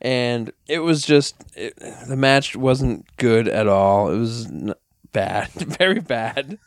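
A man's voice: medium pitch, lively intonation, takes it slowly, no echo, clean studio sound. A man telling a story in casual podcast chat, rambling with many fillers and frequent laughs. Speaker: podcast guest, wrestler.

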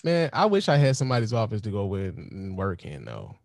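A man's voice: lowish voice, huge pitch swings, brisk, creaky, darkish tone. Laid-back man in his forties. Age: 40s. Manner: laid-back, profane, storytelling. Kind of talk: casual chat.

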